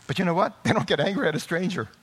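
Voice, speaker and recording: A man preaching a sermon in a high, lively voice that climbs and falls across a wide span. He drops to quiet, low explanation and then builds into loud, impassioned exclamations. Along the way he acts out the voices of parents and crying children. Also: rapid-fire, breathy edge. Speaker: pastor.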